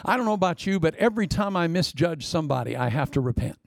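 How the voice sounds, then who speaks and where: A man preaching a sermon, blunt and teasing, swinging between sudden loud bursts and hushed, near-whispered asides. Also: a little high, lively intonation, fast, creaky, dry recording, studio quality. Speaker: pastor.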